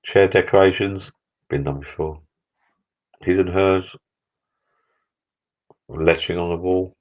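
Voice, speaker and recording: Older man, very deep voice, chatty live-stream host, slightly dull lo-fi sound. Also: takes it slowly. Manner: rambling, chatty, sentimental. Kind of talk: casual chat. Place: backyard garden bar shed.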